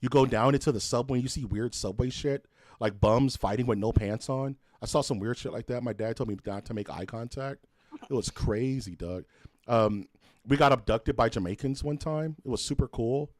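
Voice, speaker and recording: A man's voice: medium pitch, normal speed, darkish tone, dry recording, studio quality. A man co-hosting a podcast, telling loose, profane stories in casual chat. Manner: loose storytelling, swears freely, puts on voices for quotes. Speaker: podcast co-host.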